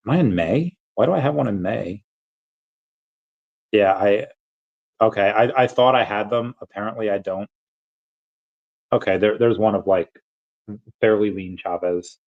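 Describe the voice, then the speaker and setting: A man's voice: fairly low pitch, measured pace, vocal fry, pauses often. Rambling man on a dull lo-fi stream. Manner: rambling, self-interrupting, chuckling. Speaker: streamer answering chat. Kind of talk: casual livestream chat.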